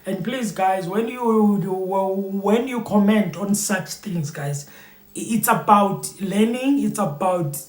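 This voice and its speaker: A man's voice: high voice, slow pace. Rambling man in an echoey room. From South Africa. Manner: rambling, repetitive, heavy with fillers. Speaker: YouTube commentator. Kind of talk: casual spoken commentary to viewers.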